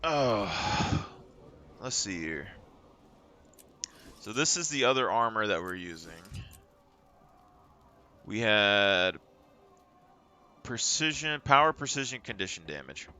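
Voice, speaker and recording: A man's voice: fairly low pitch, sing-song, takes it slowly, long pauses, bright, forceful tone. A male streamer chatting casually during a live gaming stream, rambling and thinking aloud.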